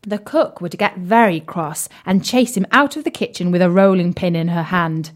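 A young woman telling a children's story in a playful, animated way, sometimes dropping to a whisper. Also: lowish voice, moderate pace.

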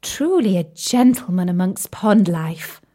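A woman's voice: lowish voice, expressive, a little slow, mellow. A woman voicing a gracious, slightly vain swan in a children's storybook, speaking in a genteel way. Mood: flattered.

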